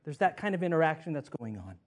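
A man preaching a sermon as a pastor, swinging from loud declarations to hushed words and repeating phrases for emphasis. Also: a little high, big pitch swings, fast talker.

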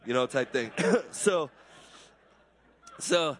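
A man's voice: medium pitch, fairly quick. A man giving a conversational sermon, earnest and self-deprecating, often repeating words as he gets worked up. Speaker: pastor.

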